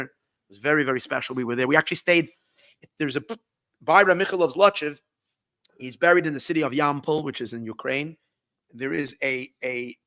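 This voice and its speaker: A man, a rabbi, telling a long story in a halting way, often restarting and repeating words, with Yiddish words mixed in. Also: a little high, fairly bright tone, dry recording, clean studio sound. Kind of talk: storytelling talk.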